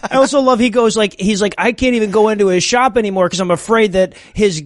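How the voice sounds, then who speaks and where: A high-pitched man co-hosting a comedy podcast, tearing into a movie with sarcasm and frequent swearing. His voice comes across dry and close, with little room sound. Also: fast, dry recording. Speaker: podcast co-host. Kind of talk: casual comedic movie riffing.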